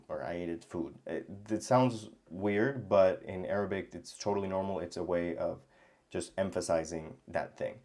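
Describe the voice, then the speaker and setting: A man teaching grammar in a casual lesson, thinking aloud with many pauses and restarts. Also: low voice, dark tone. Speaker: language teacher.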